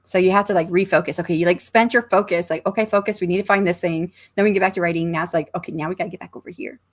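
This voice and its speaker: A woman with a slightly low voice and an American accent hosts a relaxed livestream from her home. She talks in a rambling, thinking-out-loud way, full of fillers, and reads her viewers' comments as she goes. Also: rapid-fire. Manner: chatty, rambling, thinks aloud, many fillers. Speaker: author livestream host. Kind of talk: casual livestream chat, reading comments aloud. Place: home room.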